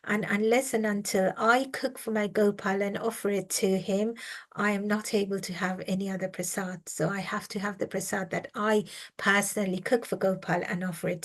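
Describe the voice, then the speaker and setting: A woman's voice: medium pitch, lightly acted. A woman voicing a humble, devout male brahmin guest who speaks in a polite, apologetic and pleading way.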